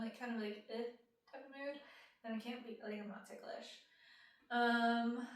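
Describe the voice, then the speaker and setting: A woman's voice: fairly high pitch, a bit bright, recorded from a distance. Bubbly young woman, echoey off-mic sound. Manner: bubbly, rambling with many ums and likes. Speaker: ASMR creator answering fan questions. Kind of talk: casual chat, reading comments aloud.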